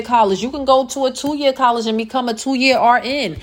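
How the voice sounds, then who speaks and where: A woman's voice: a little high, fairly quick, hardly any pauses. A woman telling a casual storytime monologue in a chatty, emphatic way, repeating phrases to drive her points home. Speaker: vlogger telling a work story.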